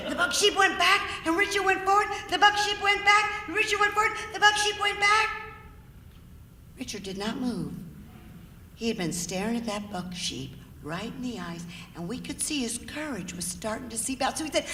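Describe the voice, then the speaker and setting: A woman storyteller performing live, acting out shouts and sound effects and drawing the audience in. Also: very high-pitched, moderate pace, a little hiss or hum. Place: large theater stage. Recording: echoey theater hall.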